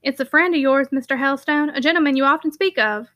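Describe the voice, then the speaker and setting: A sly, talkative Yorkshire mill worker, as a woman reads him, rambling in broad dialect. The voice stays close to her own bright tone. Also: high voice, fast talker. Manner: sly, gossipy, dialect-rich.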